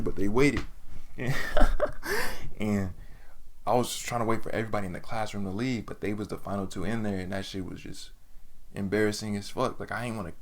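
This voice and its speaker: A man's voice: fairly low pitch, slight background noise. A man telling a personal story in casual, profane slang, often breaking into laughter. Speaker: storytime vlogger.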